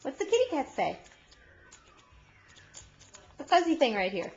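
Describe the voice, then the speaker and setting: A woman with a high, bright voice that swoops up and down as she playfully teases a small child. Her coaxing, sing-song questions come through a dull, lo-fi home video recording. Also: wildly swooping pitch, a little slow, slight background noise. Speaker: mother filming her toddler.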